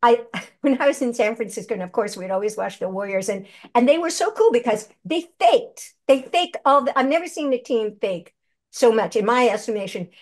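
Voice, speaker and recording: A woman's voice: fairly high pitch, a little fast. An older woman, a seasoned actress and voice performer, telling stories animatedly in an interview. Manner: animated, chatty storyteller who acts out quotes. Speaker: guest, actress and voice actor. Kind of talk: conversational interview.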